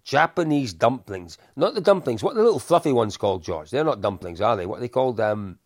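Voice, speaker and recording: A middle-aged man, a podcast co-host, telling animated anecdotes in casual chat with frequent laughs. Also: mid-range voice, quick pace, no room sound, clean studio sound.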